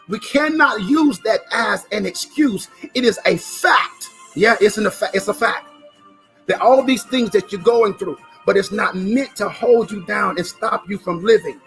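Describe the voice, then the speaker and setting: A man giving an emphatic motivational talk, repeating phrases and sometimes rising to a shout. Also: sits high, unhurried, gravelly, soft background music. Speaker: motivational speaker.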